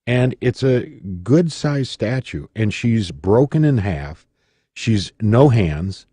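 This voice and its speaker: A middle-aged radio man from Michigan with a low, mellow voice, recounting his story in a studio interview. He tells it dramatically, acting out the voices of the people he quotes. The studio mic sounds dry and close. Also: very animated, slow, breathy edge, dry recording. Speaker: radio personality, guest.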